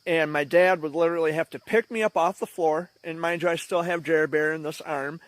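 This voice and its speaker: A man's voice: fairly high pitch, steady tone, fairly quick, no room sound. A man in a casual, reflective, conversational telling of a childhood memory. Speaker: vlogger. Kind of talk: casual storytelling.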